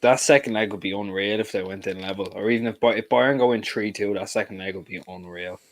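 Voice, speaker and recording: A young Dublin man rambles through football memories, swearing freely on a casual watch-along. His voice sits fairly low and comes through a close, dry mic. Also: fairly even intonation, fast, no room sound. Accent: Dublin Irish. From Dublin, Ireland. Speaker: co-host.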